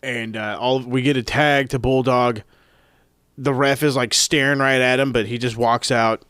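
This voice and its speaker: A man's voice: mid-range voice, steady tone, moderate pace, fairly bright tone, clear, resonant tone, dry recording, studio quality. A man hosting a podcast, recapping matches in a casual, profane, rambling way that often corrects itself. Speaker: podcast host reviewing wrestling events. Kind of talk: casual chat.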